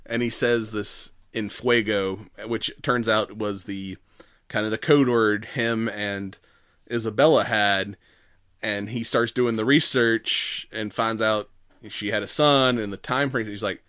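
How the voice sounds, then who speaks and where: A man's voice: lowish voice, a little slow, dry recording, clean studio sound. A man in casual podcast chat, retelling a film with lots of laughter and acted-out quotes. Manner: animated storytelling, acts out quotes, laughs often. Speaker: podcast co-host. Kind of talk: casual movie recap chat.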